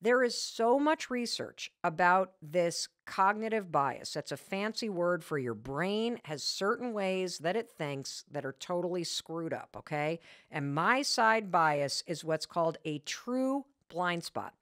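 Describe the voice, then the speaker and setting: A woman's voice: on the low side, expressive, a little slow, few pauses, a bit bright, no echo, clean studio sound. A woman hosting a podcast, giving a motivational talk and telling her own stories with emphatic, self-mocking candor, repeating her key points. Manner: candid with mild profanity. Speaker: podcast host.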